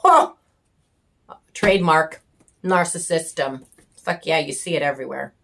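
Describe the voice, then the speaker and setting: A homesteading vlogger, a woman, giving a raw personal reflection to camera, candid and heated, swearing often and pausing as she searches for words. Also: low-pitched, creaky, background noise. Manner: bitter and angry.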